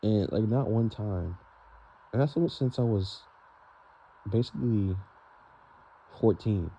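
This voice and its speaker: A man's voice: fairly low pitch, takes it slowly, vocal fry, mellow. A young man venting in a rambling, frustrated vlog monologue, full of fillers and "bro". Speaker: vlogger. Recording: dull lo-fi sound with faint noise.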